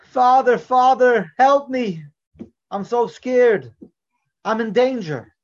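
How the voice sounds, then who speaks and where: A man's voice: very high-pitched, very animated, unhurried, a little mellow, voice pushed up, full character voice. A man voicing a frightened young boy who pleads tearfully with his father. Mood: terrified. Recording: dull lo-fi recording.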